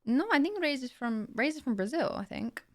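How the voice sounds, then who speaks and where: A woman's voice: sits high, lively intonation, fairly quick, no room sound, clean studio sound. A young woman chatting casually on a live stream, playful and talkative. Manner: chatty, playful, trying out accents. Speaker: livestreamer.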